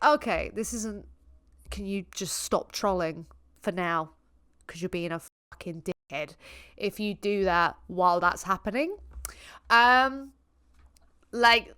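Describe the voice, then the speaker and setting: A woman reacting to a debate clip with heavy sarcasm and plenty of laughter. She swears casually and talks at an ordinary middle pitch, never holding back her opinions. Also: sharp tone, clean tone, no room sound, clean studio sound. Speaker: vegan reaction video host.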